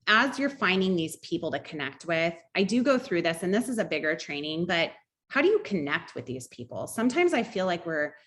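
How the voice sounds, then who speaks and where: A woman's voice: on the low side, very animated, a little fast, fairly bright tone. A middle-aged woman coaching a sales team in an online training, upbeat and conversational, teaching through personal stories.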